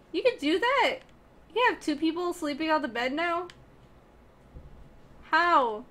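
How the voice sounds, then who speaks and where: A woman's voice: very high voice, animated, slow pace, pauses often, a bit bright. A young woman streaming a game, chatting playfully with teammates and chat and often breaking into giggles. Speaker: gaming streamer. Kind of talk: casual gameplay commentary.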